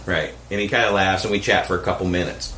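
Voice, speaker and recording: A man casually telling a story on a podcast, animated and profane, acting out the people he quotes. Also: low voice, quick pace, echoey room, a little hiss or hum. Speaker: podcast co-host.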